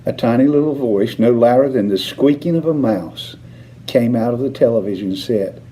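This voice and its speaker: A man reading a children's novel aloud, narrating with expressive intonation. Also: mid-range voice, normal speed, a little hiss or hum. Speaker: reader. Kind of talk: storybook read-aloud narration.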